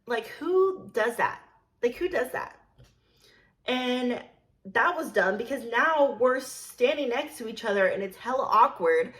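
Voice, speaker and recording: Blunt, animated young woman telling a story. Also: on the high side, measured pace. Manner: animated, blunt and profane, with emphatic repetition. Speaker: storyteller recounting her work as a server. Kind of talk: casual storytime vlog.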